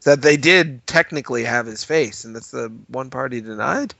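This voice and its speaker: A man's voice: mid-range voice, moderate pace, vocal fry, pushed and bright, no room sound, lo-fi sound. A man co-hosting a comedy podcast with dry quips and easy laughter. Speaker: podcast co-host. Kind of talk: casual comedy banter.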